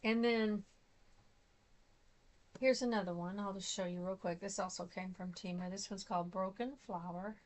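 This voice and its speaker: A middle-aged woman, chatting casually and rambling as she shows her craft supplies. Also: mid-range voice. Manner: chatty, rambling, thinks aloud. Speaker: craft vlogger. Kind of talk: casual show-and-tell chat.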